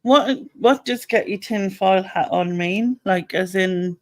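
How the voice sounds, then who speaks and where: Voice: mid-range voice, slow pace. A stream host chatting casually, mostly giving short replies and prompts.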